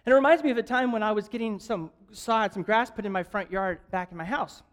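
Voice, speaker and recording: A man preaching a sermon as an evangelist, telling a jokey story in an animated way and asking the crowd questions. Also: high-pitched, quick pace. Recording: long hall reverb.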